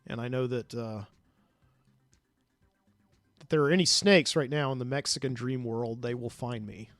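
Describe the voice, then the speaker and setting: A man's voice: mid-range voice, moderate pace, fairly bright tone, dry recording. A man hosting a podcast, telling a dream story in a rambling way with many fillers, recorded in a studio. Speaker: podcast host.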